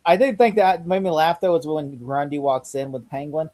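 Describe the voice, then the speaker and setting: High-pitched guy rambling on a casual review chat, keeps restarting, excitable. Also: normal speed, low-quality recording. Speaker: podcast co-host.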